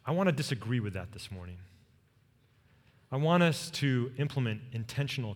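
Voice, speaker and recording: A man preaching a sermon as pastor, telling a personal story with earnest warmth and leading the congregation in repeated phrases. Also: medium pitch, very animated, normal speed. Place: church sanctuary. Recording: long reverb of a large hall.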